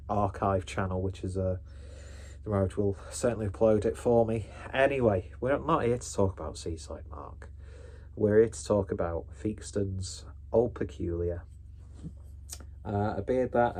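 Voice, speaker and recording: A man's voice: on the low side, darkish tone. A man hosting a casual beer review, rambling and self-deprecating with sweary asides.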